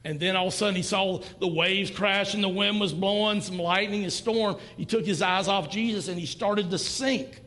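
A man's voice: sits high, moderate pace, hardly any pauses, fairly bright tone, long reverb tail. A man in his fifties preaching a sermon to a church congregation, talking in a conversational way and acting out quoted lines. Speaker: pastor. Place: church sanctuary.

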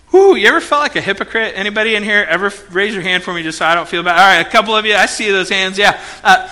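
Animated bright-voiced male pastor. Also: high voice. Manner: animated storytelling, acts out quotes, swings loud and soft. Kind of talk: sermon. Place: church hall before a congregation.

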